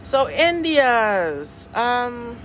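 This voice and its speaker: A woman's voice: fairly high pitch, big pitch swings, extremely slow. Young woman, solo podcast host, slangy casual chat, frequent laughs, faint background noise. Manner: chatty, laughs often, slangy.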